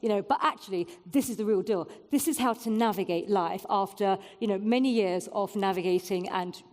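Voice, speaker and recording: A woman's voice: medium pitch, a little fast, darkish tone, long reverb tail. A woman in her forties giving a candid, self-mocking conference talk with frequent fillers. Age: 40s. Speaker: keynote speaker. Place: event venue before an audience.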